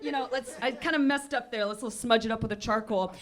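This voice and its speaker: A woman's voice: fairly high pitch, fast, voice pushed down, natural voice. A woman voicing God as a chatty, fumbling artist in a comedy bit. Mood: musing. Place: small comedy club stage. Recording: live club crowd audible. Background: audience laughter.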